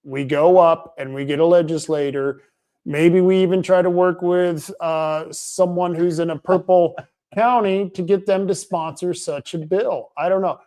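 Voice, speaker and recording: A man hosting a live talk stream, reading viewer comments aloud in a relaxed, musing way. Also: high-pitched, a little slow. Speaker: host. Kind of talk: casual talk show chat.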